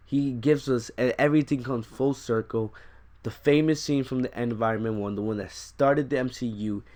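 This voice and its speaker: A young man on his own channel, casually retelling a film's ending in an excited, rambling way, with many restarts. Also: mid-range voice. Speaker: YouTube host. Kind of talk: casual film recap.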